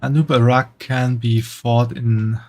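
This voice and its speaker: A man's voice: medium pitch, little pitch movement, slow, darkish tone. A man streaming a game, chatting casually and reading quest text as he plays. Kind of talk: casual gameplay commentary.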